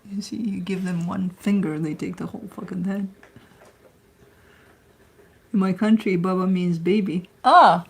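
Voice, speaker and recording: A woman talks in a loose, casual live-stream chat with a husky, slightly breathy tone. Her delivery is playful and chatty. She now and then drifts into baby talk. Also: fairly low pitch, steady tone, measured pace, long pauses. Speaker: tarot reader.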